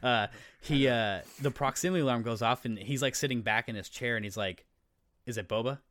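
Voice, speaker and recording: A man co-hosting a podcast, telling stories in an excitable, rambling way and swearing casually. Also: mid-range voice, fairly quick, a little hiss or hum. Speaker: podcast co-host. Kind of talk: casual chat.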